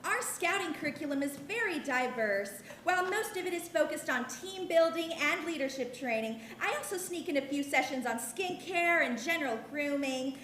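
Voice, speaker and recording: A woman playing a prim, polished troop leader, high voice, salesy, staged play reading, echoey hall. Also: animated, normal speed, few pauses, fairly bright tone, a little hiss or hum.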